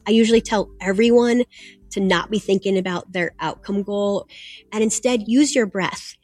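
A woman's voice: mid-range voice, moderate pace, darkish tone, dry recording, faint music behind. Encouraging woman performance coach. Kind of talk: explaining techniques in an interview.

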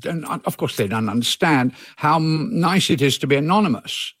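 An older man in his eighties, his voice sitting a bit higher than most men's, chats easily as an interview guest. He meanders, restarts his sentences and chuckles along the way. The sound is close and dry, with no room around it. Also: expressive, moderate pace, a bit bright, no echo. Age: 80s. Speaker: author guest. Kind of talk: relaxed conversational interview.

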